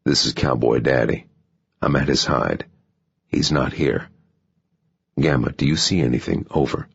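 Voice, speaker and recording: A man doing a gravelly Southern gunman on the radio. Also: very deep voice, measured pace, dull audio, voice pushed down, exaggerated voice. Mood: curt. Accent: Southern American. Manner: terse radio talk.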